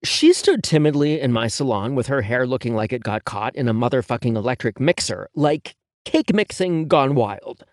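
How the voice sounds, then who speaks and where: A man's voice: mid-range voice, animated, moderate pace, hardly any pauses, no echo, clean studio sound. A man narrating a first-person audiobook in a sassy, sarcastic and profane manner.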